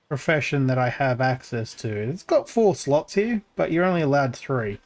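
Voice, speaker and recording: A man streams a game and comments casually in a lively, unhurried voice that turns crackly when he pushes it low. He rambles as he thinks aloud, full of fillers and restarts.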